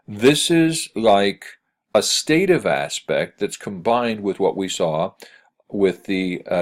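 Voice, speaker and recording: This fairly low-pitched male speaker is giving a Greek grammar lesson as a screencast recording. His delivery halts often, and "uh" creeps in constantly while he reads sample sentences.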